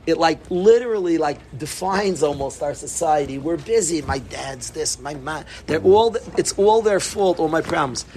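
A middle-aged man giving an animated Torah talk to students, repeating himself and bursting into emphatic calls. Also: a little high, moderate pace, hardly any pauses, slight background noise. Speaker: yeshiva rabbi.

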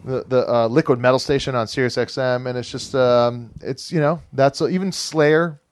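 A man's voice: medium pitch, steady tone, normal speed. A man hosting a casual podcast chat, rambling and cursing, with lots of fillers and restarts.

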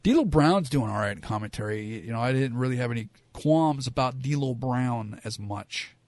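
A man's voice: mid-range voice, animated, normal speed, a little mellow, no room sound. A man giving frank, rambling opinions in a casual monologue, full of fillers and asides. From Southern California. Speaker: wrestling commentator.

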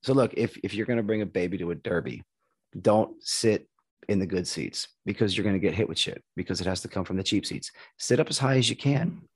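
A man's voice: lowish voice, a little fast, slightly rough, dry recording. A middle-aged man from the United States, telling stories in a casual chat, loose and profane. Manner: profane, animated storytelling.

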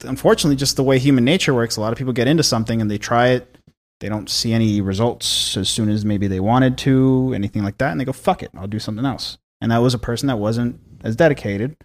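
A man's voice: medium pitch, fast talker. A man co-hosting a casual podcast chat, swearing freely and laughing often as he rambles. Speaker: podcast co-host.

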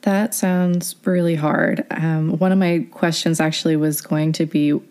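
A woman's voice: low voice, steady tone, a little slow, darkish tone. A woman hosting a casual interview podcast, asking long, supportive questions. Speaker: podcast host.

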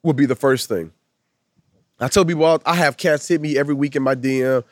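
A man's voice: medium pitch, brisk, no room sound, clean studio sound. A man who works as a minister and speaker, talking emphatically in a casual conversation and building long repeated lists like a preacher.

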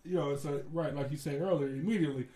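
Animated, laughing male storyteller. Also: a little high, fast talker, a loud crowd. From Ohio. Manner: animated storyteller, laughs often, acts out quotes. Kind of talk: casual chat.

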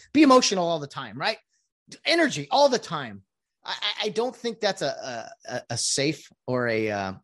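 A woman ranting casually to viewers about sports, rambling with many restarts and asides. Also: sits low. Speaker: sports commentator.

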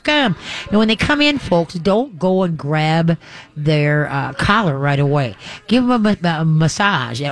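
A chatty radio host, a man with a voice a bit higher than most men's. He rambles in a folksy way and slips into playful voices for dogs and their owners. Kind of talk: live call-in radio chat. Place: live broadcast at a pet store.

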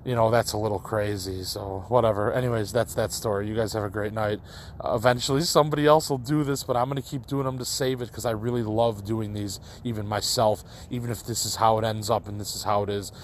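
A man's voice: on the low side, fairly even intonation, fast talker, slight background noise. Rambling young man telling a story. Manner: rambling, full of likes and restarts. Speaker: storyteller addressing listeners. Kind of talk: casual storytelling monologue.

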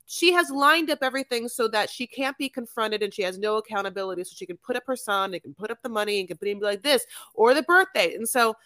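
A woman co-hosting a casual podcast about a reality TV show, talking emphatically and rambling, with sudden high outbursts. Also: animated, fast talker, few pauses, sharp tone, no room sound, clean studio sound. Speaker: podcast co-host. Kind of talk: casual reality TV recap chat.

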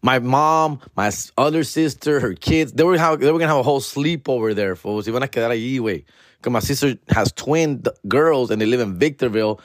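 A man's voice: brisk, no echo, clean studio sound. A man, telling a casual, slang-heavy story as podcast host, dropping into Spanish and acting out relatives. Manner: slangy, peppered with "fool" and "dog", switches into Spanish; animated, acts out family members in higher voices. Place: home, alone in the house.

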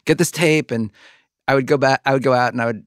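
A man's voice: mid-range voice, little pitch movement, fast, clean tone, no echo, studio quality. A middle-aged man hosting a podcast interview, rambling with many likes and restarts. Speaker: podcast host. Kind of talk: conversational interview.

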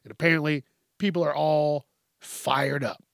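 A man's voice: on the high side, steady tone, unhurried, vocal fry, fairly bright tone, no echo, studio quality. A man hosting his own podcast, ranting in a blunt, profane, rambling way. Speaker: podcast host. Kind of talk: casual monologue.

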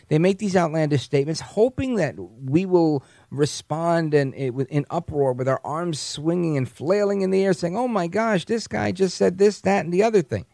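A man hosts an opinionated talk radio show in a dark, gravelly voice. He talks in an animated, mocking way and often restarts his sentences. The recording is dry and close. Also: on the high side, no echo.

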